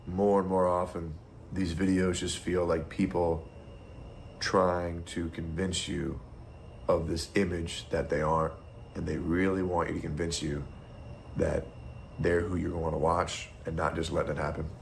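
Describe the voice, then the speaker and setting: A man's voice: sits low, flat delivery, unhurried, gravelly, slight background noise. A man ranting bitterly as a streamer, sarcastic and profane. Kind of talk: ranting monologue.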